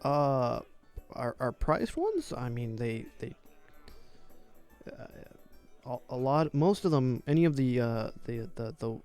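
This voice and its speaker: A man's voice: mid-range voice, big pitch swings, slow, darkish tone, clean tone, soft background music. A man voicing a flustered adult female stable keeper who stammers and apologizes as she talks. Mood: nervous.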